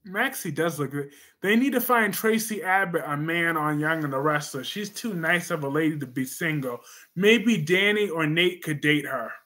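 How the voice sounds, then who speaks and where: A man hosting a casual livestream, reacting to viewer comments with animated repetition. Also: fairly high pitch, moderate pace. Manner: animated, repeats phrases for emphasis. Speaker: livestream host reading comments.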